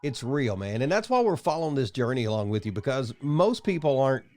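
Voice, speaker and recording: A male host leads a relaxed interview with friendly, encouraging questions. His pitch sits in the middle range for a man, and he speaks clearly. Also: brisk. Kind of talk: conversational interview.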